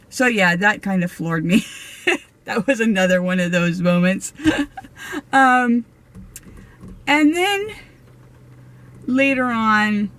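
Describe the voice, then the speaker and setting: A woman's voice: mid-range voice, animated, slow pace, pauses often, fairly bright tone. A woman chats casually on camera, recounting ghost stories in a loose, rambling way. She often restarts her sentences and laughs between them. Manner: rambling, chatty, with frequent fillers, restarts and laughs. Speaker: vlogger and medium. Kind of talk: casual storytelling.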